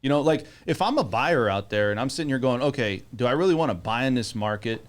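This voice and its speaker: A man's voice: mid-range voice, lively intonation, quick pace. A man hosting a casual panel chat, speaking emphatically and repeating phrases to drive home a point.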